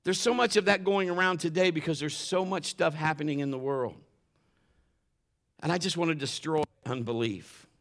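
A man preaching a sermon, often climbing louder and higher when he drives a point home. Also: normal speed. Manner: impassioned, rises sharply in pitch and volume when stressing points; admits getting emotional while preaching. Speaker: pastor.

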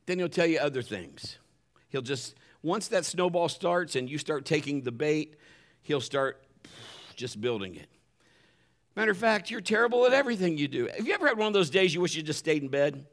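A man's voice: fairly high pitch, expressive, normal speed. A pastor preaching a sermon in a conversational way, acting out the voices he quotes.

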